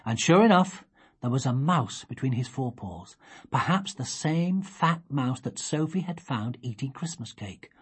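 A woman reading a children's storybook aloud. Her voice is low and husky. She is expressive and measured, with a wide, lively sweep of pitch. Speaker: reader.

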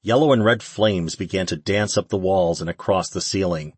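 A man reads the narration of an audiobook in a steady, even manner. His voice is very deep and husky. The recording is close and dry, with no room sound. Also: normal speed, no room sound. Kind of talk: scripted narration.

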